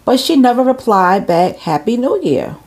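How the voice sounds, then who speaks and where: A woman's voice: fairly high pitch, sing-song, moderate pace, darkish tone. A woman hosting her channel, chatting casually and reading messages aloud with chatty asides and rhetorical questions. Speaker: channel host.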